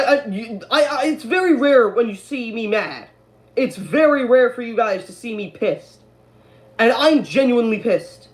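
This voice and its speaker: A woman streaming at home, ranting angrily about her own delayed series, swearing often and stumbling over restarts. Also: medium pitch. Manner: profane, exasperated, stammering restarts. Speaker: creator of an online animated series, streaming. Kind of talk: angry live-stream rant.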